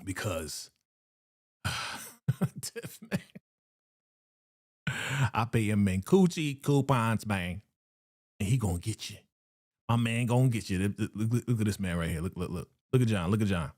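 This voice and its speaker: A man hosting a live reaction stream, recapping a TV episode in a chatty, animated way, laughing often and repeating phrases. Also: on the low side, unhurried, long pauses, no room sound, clean studio sound.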